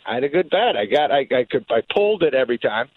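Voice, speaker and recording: A man's voice: medium pitch, fast, breathy edge, no room sound, narrow, tinny audio. A middle-aged man with a New England accent, telling stories in casual chat and putting on his parents' voices. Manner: animated storyteller, does voices of his parents. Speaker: guest.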